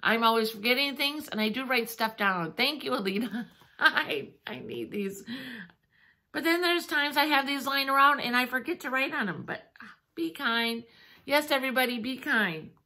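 Middle-aged woman, chatty home vlogger, bright higher voice, gushing and warmly emotional. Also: expressive, normal speed. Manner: chatty, gushing and easily moved, with many fillers. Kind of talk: casual chat.

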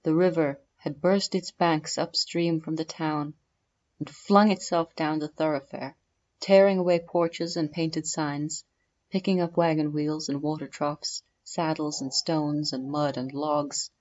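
Low-voiced woman narrating a fantasy story. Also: fairly even intonation, darkish tone, lo-fi sound. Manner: measured storytelling delivery. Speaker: audiobook narrator. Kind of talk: scripted audiobook narration.

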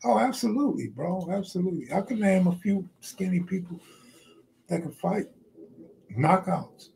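A man's voice: high-pitched, animated, normal speed, gravelly, darkish tone, a little hiss or hum. A middle-aged man hosting a live stream, telling rambling, profane stories in casual slang and stopping to answer viewer comments. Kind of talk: casual freestyle storytelling.

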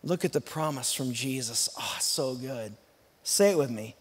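A guest pastor from Texas preaching an emphatic sermon and calling on the congregation to answer back, rushing some phrases and stretching out others. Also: male voice, mid-range voice, expressive, husky. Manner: emphatic, call-and-response with the congregation; swings between fast and slow, drawn-out emphasis. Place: large church sanctuary. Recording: long church hall reverb.

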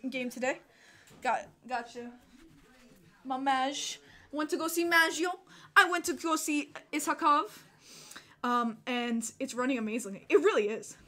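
A woman hosting a casual livestream, excitable and chatty, laughing often and swearing casually. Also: high-pitched. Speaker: livestream host.

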